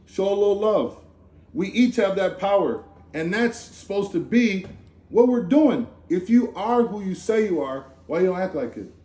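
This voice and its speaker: A man giving an informal, animated sermon at a holiday gathering, talking in a conversational, slangy way with lots of asides. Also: sits high, normal speed. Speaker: speaker giving a Torah talk. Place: Sukkot gathering in a room. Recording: echoey room.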